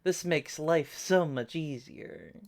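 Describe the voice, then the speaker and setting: A woman's voice: deep voice, takes it slowly. A young woman streaming a game, chatting casually in a playful, jokingly whiny way. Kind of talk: casual live-stream chat.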